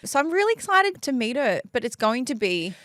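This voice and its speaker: A woman's voice: sits high, very animated, brisk, fairly bright tone, dry recording, studio quality. A woman, co-hosting a podcast in casual chat, joking and laughing often. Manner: chatty, laughs often, self-mocking jokes. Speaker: podcast co-host.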